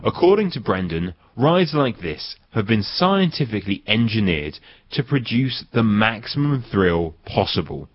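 A male documentary presenter with a low voice that swings widely in pitch, narrating with lively enthusiasm. The sound is slightly muffled, with faint noise underneath. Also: measured pace.

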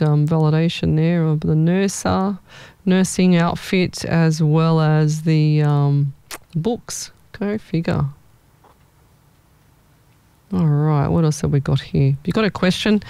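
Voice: mid-range voice, gravelly, warm tone, smooth, dry recording. A young adult, hosting a live stream as a psychic medium in a casual, rambling way that thinks aloud.

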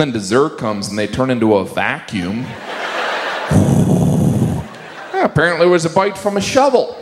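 A man's voice: mid-range voice, lively intonation, slow, long pauses, noisy background. A man doing a stand-up comedy routine, exasperated and playfully scolding.

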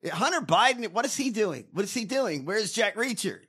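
A man's voice: sits high, big pitch swings, normal speed, fairly bright tone, husky. Ranting, foul-mouthed man talking politics. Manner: ranting, swears constantly. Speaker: co-host. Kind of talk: profane political comedy chat.

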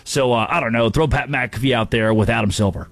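A man hosting a sports talk show, delivering an animated, jokey monologue with quick impressions. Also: medium pitch, gravelly.

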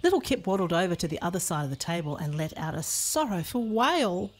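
A woman reading a children's storybook aloud in an expressive, playful way. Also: lowish voice, brisk, a little hiss or hum.

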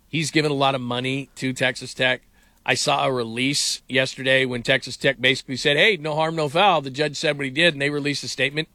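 A middle-aged man hosting casual sports talk, animated and incredulous, rambling with restarts. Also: medium pitch, no echo.

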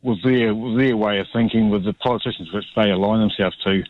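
A man with a New Zealand accent calling in to talkback radio, speaking haltingly with many ums. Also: lowish voice, no room sound. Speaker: caller. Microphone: phone line. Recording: dull phone line.

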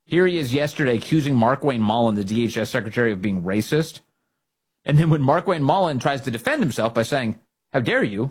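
A male opinion host with a husky, slightly rough voice at an ordinary pitch. His delivery is sarcastic and mocking, and he chuckles at the people he talks about. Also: animated, a little fast, darkish tone. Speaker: political commentary host. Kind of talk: opinion commentary.

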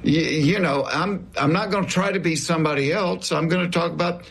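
A gravelly, slightly husky voice from a man in his sixties with a broad Southern US accent. He tells his stories in an unhurried, folksy way, with a chuckle never far off, the way a comedian talks off-stage to an interviewer. His pitch sits a touch high for a man. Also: a bit bright. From American South. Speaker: comedian guest. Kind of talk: conversational interview storytelling.

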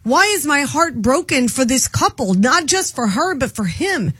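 Emotional high-voiced radio host woman. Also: normal speed, no echo, clean studio sound. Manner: emotional, pleading, animated. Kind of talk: morning radio chat.

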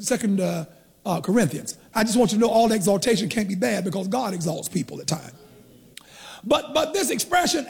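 High, gravelly preacher in an echoey hall. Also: male voice. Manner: teaching, asks the congregation questions, stretches key words. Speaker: pastor. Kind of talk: sermon.

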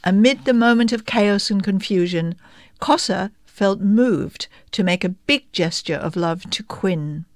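A woman reading news stories aloud in a steady, plain manner. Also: mid-range voice, no echo, studio quality. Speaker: news reader.

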